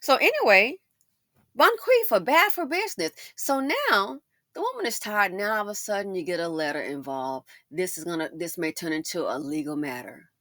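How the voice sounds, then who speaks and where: A woman's voice: medium pitch, sing-song, moderate pace, fairly bright tone, no echo, clean studio sound. A woman doing casual storytime commentary, emphatic and full of rhetorical questions, often repeating herself.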